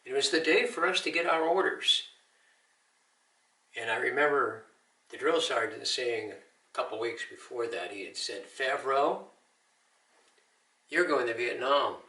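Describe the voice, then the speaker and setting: A man's voice: mid-range voice, moderate pace, pauses often, pushed and bright, roomy sound, far from the mic, low-quality recording. Older male veteran, earnest testimony, recorded off-mic. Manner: earnest storytelling with Christian encouragement. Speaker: Army veteran telling his story. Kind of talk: personal testimony.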